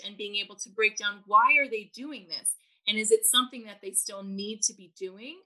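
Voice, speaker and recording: On a low-quality recording, a woman parenting coach with a mid-range voice speaks at normal speed in a podcast interview. She explains her ideas animatedly, acting out parents' inner voices and what they think and say.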